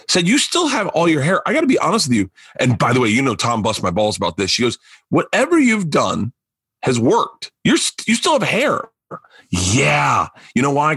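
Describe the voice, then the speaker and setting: A man's voice: medium pitch, fairly bright tone, slightly rough, dry recording. A man hosting a podcast, reacting to his guest and reading a sponsor ad in a loose, chatty way. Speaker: podcast host. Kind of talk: casual chat and ad read.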